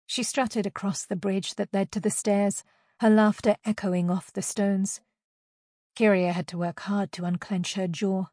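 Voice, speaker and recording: A woman narrating a novel as an audiobook in a steady, even reading voice. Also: medium pitch, a little slow, dry recording, studio quality.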